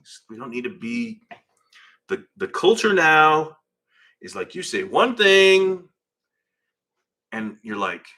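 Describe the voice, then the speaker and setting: A man's voice: medium pitch, slow pace, pauses often. A man hosting a live stream from his garage, chatting and rambling while reading out viewer names. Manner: rambling, animated, reads chat names aloud. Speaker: host of a live car-build stream. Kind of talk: casual live-stream chat. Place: home garage workshop.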